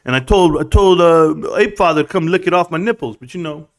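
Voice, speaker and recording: A man's voice: fairly high pitch, fairly quick, lightly acted. A man putting on a brash, swaggering New York wise guy with a put-on New York accent for a comic impression on a livestream. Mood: boastful. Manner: swaggering, bragging, streetwise slang.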